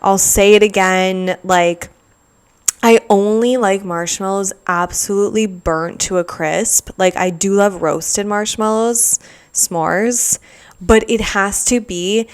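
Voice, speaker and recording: A woman's voice: mid-range voice, steady tone, slow, smooth. A young woman hosting her own podcast, rambling casually with lots of "like" and sarcastic asides. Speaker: podcast host. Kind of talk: casual solo podcast chat.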